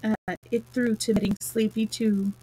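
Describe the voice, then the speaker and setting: A woman's voice: a little high, level tone, moderate pace, dark tone, breathy edge, poor audio. A woman voicing the Red Queen, a bossy queen growing sleepy, crooning a lullaby. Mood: drowsy. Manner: drowsy lullaby singing, commanding.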